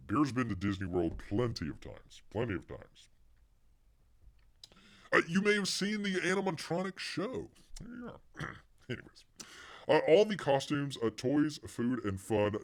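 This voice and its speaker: A man hosting a casual livestream, rambling and talking about himself in the third person, his voice getting worn. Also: mid-range voice. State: losing his voice. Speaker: livestream host.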